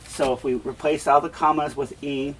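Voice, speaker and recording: A man teaching a beginner language lesson in a classroom, patiently repeating example phrases slowly. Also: fairly high pitch, steady tone, fairly bright tone, slight background noise. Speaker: Spanish teacher.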